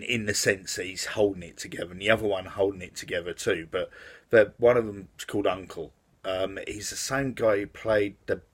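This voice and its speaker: A man casually reviewing a film in his vlog, rambling with lots of fillers and restarts. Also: low voice. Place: outside the house.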